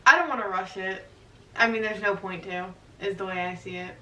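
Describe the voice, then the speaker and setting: A woman's voice: medium pitch, fairly quick, sharp tone, echoey room, far from the mic, poor audio. A young woman vlogger chatting casually and giggling often, filler words all through, answering couples questions.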